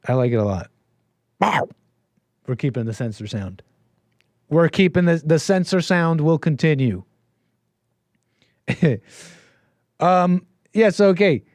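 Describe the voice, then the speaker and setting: A man hosting a talk show, giving sarcastic, mocking commentary on a clip with animated asides. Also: on the high side, slow pace, pauses often, no room sound. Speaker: show host.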